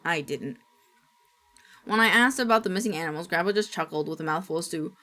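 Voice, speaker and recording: A woman streamer reading a horror story aloud in steady, dramatic narration. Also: lowish voice, brisk.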